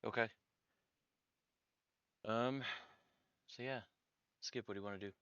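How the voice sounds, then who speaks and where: Low crisp game master. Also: male voice, fairly even intonation, measured pace, fairly bright tone, no echo, dull audio. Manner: loose, rambling description. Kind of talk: narrating a tabletop game.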